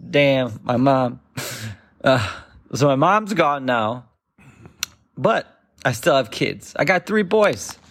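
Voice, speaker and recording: A man's voice: mid-range voice, very animated, drawn-out words, long pauses, fairly bright tone. A man in his thirties performing a rambling stand-up routine, acting out other voices as he goes. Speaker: stand-up comedian.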